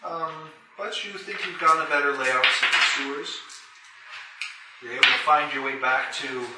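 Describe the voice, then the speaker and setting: A man with a Canadian accent narrating as game master, pausing often with fillers. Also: a little high, steady tone. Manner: hesitant, filler-heavy narration. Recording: echoey room, distant mic, loud noise.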